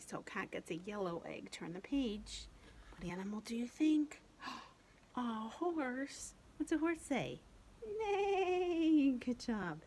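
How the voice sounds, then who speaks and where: Librarian lady doing storytime for little kids, slow and singsongy, bit of hiss behind. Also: mid-range voice, rough recording. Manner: animated, sing-song, coaxing children along. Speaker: children's librarian. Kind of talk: storytime reading for young children.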